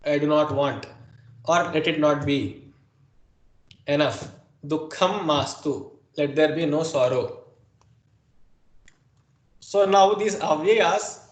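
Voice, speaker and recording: A man teaching a language lesson in an explanatory style, pausing often with fillers and correcting himself as he goes. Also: on the high side, a bit bright, roomy sound. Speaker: Sanskrit teacher.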